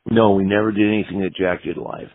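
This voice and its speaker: A man's voice: fairly low pitch, fairly even intonation, quick pace, no echo. A middle-aged man telling rambling, profane road stories as an interview guest. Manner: rambling, profane, lots of "you know". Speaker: punk guitarist interview guest. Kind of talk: casual storytelling interview. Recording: tinny phone-like audio.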